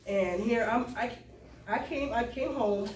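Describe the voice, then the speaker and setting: A middle-aged woman from the South Carolina Lowcountry gives an emotional personal testimony to a live audience at a cultural event, her fairly high voice a little slow. She tells it in a conversational Southern storytelling style, calling out to the crowd. The sound is roomy and distant, with faint room noise.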